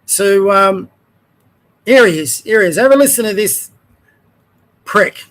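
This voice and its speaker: An Australian man hosts his own show, his high voice animated and fairly bright at a measured pace. He delivers a heated, rambling rant, trailing off mid-sentence.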